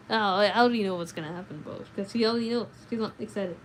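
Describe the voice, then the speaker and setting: A woman's voice: medium pitch, fast, low-quality recording. Young woman reading a novel aloud on a livestream. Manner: casual, chatty between passages, louder and more emphatic on dialogue. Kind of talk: reading aloud with chat asides. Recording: faint background noise.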